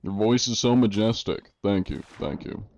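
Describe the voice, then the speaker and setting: A man's voice: on the low side, expressive, normal speed, darkish tone, muffled recording. A man streaming live, chatting casually with his viewers and answering them with dry jokes. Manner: dry, joking, answers chat. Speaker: game streamer.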